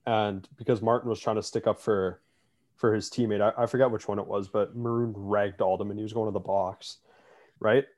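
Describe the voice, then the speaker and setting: A man's voice: fairly low pitch, fairly even intonation, a little fast, a little mellow. A man in casual sports chat, co-hosting and ranting with lots of filler words.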